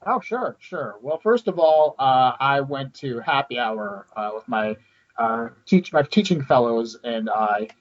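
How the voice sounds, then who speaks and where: New york guy rambling on a podcast, lively up and down voice, kinda muffled. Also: mid-range voice, a little slow. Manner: goofy, rambling, laughs a lot. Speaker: podcast co-host. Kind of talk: casual podcast chat. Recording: dull lo-fi recording.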